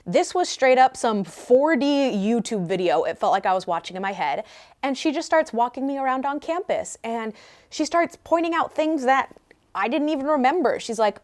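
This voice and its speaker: A woman in her thirties, a vlogger telling a personal story in an animated, candid and conversational way. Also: on the high side.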